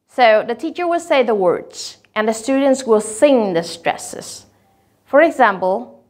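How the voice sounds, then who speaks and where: A woman's voice: on the high side, animated, a little mellow. Woman training teachers. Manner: clear, deliberate, stretches example words slowly.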